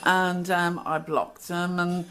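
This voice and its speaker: A woman's voice: fairly low pitch, flat delivery, slow pace, a bit bright, rough recording. Blunt, chatty woman storyteller. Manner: chatty, blunt, acts out quoted exchanges. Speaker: channel host. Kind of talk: casual storytelling monologue.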